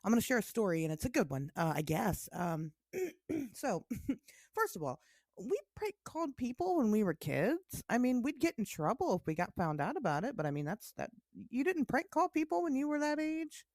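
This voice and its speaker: A woman's voice: fairly high pitch, very animated, moderate pace, darkish tone, no echo, clean studio sound. A woman co-hosting a podcast, telling a rambling story with lots of laughs and swearing. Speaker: podcast co-host. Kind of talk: casual storytelling chat.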